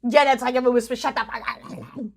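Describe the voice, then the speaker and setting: A woman's voice: fairly high pitch, steady tone, normal speed. A young woman with a New Zealand accent, streaming a guessing game in casual commentary, jokey, swearing freely and slipping into mock rants.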